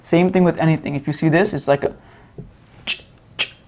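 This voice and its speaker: A man with a slightly higher-than-usual voice teaches in a loose, conversational way. He sounds out single letters one at a time, repeats himself, and keeps checking in with his listeners. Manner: relaxed, repeats sounds slowly with many "right?" check-ins. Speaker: Sanskrit teacher. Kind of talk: casual explanatory lesson.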